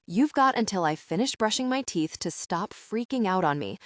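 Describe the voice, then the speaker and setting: A woman reading the part of a gruff, teasing young man, a former ballplayer, in an audiobook. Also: mid-range voice, expressive, moderate pace, dry recording, clean studio sound, natural voice.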